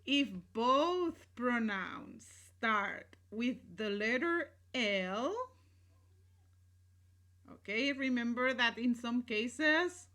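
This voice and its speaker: A woman records a grammar lesson at a slow, patient pace. Her voice is bright and clear, and she keeps checking that her students follow along. She mixes English explanations with Spanish example sentences. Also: on the high side, expressive. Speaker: Spanish teacher.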